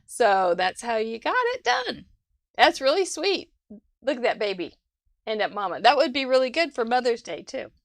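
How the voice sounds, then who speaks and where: A woman's voice: a little high, very animated, normal speed, dry recording, studio quality. A woman hosting a live crafting show over a video call, gushing over viewers' cards with frequent laughs. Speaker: host. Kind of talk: casual livestream chat.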